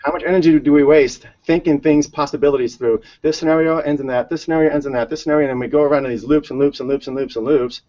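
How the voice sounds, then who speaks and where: A man's voice: a little high, steady tone, racing, few pauses, dark tone. A man co-hosting a casual conversation, chatty and given to repeating words as he tells stories. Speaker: co-host. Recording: dull lo-fi sound.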